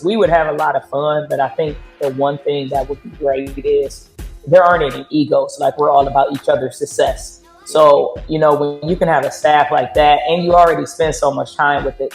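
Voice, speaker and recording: A woman's voice: low-pitched, fairly even intonation, normal speed, creaky, a little mellow, soft background music. A woman basketball coach, talking easily in a casual interview. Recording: echoey room.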